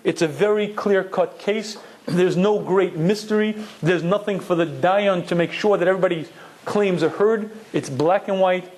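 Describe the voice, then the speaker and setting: A man's voice: high-pitched, a little mellow. A man giving a Torah lecture, emphatic and full of rhetorical questions, dropping in Hebrew terms. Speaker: Torah teacher.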